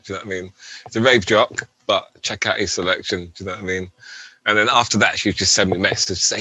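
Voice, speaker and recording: Low, bright-voiced rave MC man. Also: quick pace, husky, no echo. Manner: rambling, keeps saying "do you know what I mean". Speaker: rave MC, guest. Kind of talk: casual interview chat.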